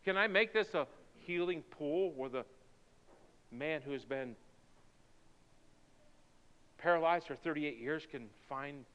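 A man's voice: a little high, slow pace, long pauses, fairly bright tone, clear, resonant tone. A male pastor preaching a sermon in a church, driving it with emphatic, repeated rhetorical questions. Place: church sanctuary. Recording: dull recording with long hall reverb.

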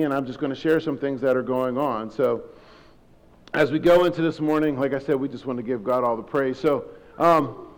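A middle-aged man, a high school principal, giving an informal, rambling, self-deprecating sermon from a church stage. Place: church sanctuary. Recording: long hall reverb.

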